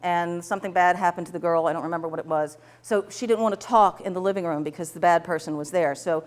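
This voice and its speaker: A woman at the front of a workshop room, teaching through stories from her sessions with clients. She talks in a lively, animated way, jumping into little character voices for the people in her stories, and laughs often as she goes. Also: on the low side, fast talker. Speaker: tapping practitioner and teacher. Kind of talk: storytelling to a live class.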